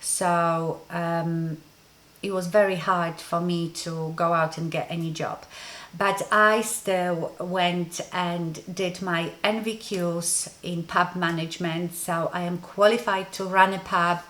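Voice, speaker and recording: A Polish-accented woman vlogger telling a story from her life. She speaks slowly, with an unhurried and relaxed rhythm, and her voice sits a little low. She rambles along, filling pauses with ums. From Poland. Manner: rambling, conversational, frequent ums. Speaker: beauty vlogger. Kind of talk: casual story-time monologue.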